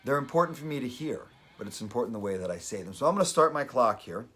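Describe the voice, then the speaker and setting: A man's voice: mid-range voice, animated, fast, a bit bright, husky, faint music behind. A man hosting a daily live video, talking earnestly and openly emotional as he gives motivational advice. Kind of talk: motivational live-stream talk.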